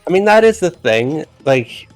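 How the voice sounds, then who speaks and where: A man's voice: a little high, very animated, unhurried, no room sound, faint music behind. A man who works as a voice actor, chatting casually and rambling with restarts on a development stream. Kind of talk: casual chat on a dev stream.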